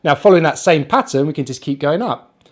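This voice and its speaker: A man with a British accent teaching English pronunciation, saying each word slowly and repeating it for the listener. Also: a little high, expressive. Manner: slow, careful, repeats words for drilling; counts on his hands as he talks. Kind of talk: pronunciation lesson.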